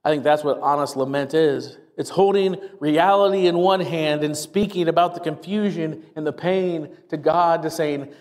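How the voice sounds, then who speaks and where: A man preaching as pastor, energetic and quick, with wry asides, getting a little out of breath as he gets excited. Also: on the high side, big-room sound. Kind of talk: sermon.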